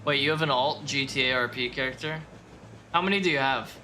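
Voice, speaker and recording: A man's voice: mid-range voice, brisk, pushed and bright, slight background noise. A man streaming a game, chatting casually with his viewers, joking and a little crude as he reacts. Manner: joking, crude, talks straight to chat. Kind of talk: casual gameplay chat with viewers.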